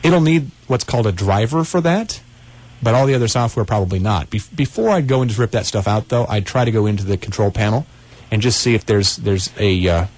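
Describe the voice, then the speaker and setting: Radio host, male, low-pitched, loose folksy delivery with lots of restarts, studio mic. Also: expressive, brisk, a little mellow. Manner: rambling, restarts often, folksy. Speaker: radio tech show host. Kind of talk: casual call-in radio chat.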